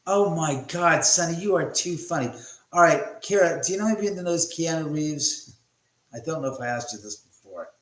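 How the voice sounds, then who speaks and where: A man's voice: a little high, animated, a little fast. Middle-aged guy rambling on a livestream from home, jokey, swears a lot, roomy echo on a phone mic. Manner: chatty and joking, cursing freely. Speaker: livestream host. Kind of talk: casual livestream chat, reading viewer comments. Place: room in his house. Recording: echoey room.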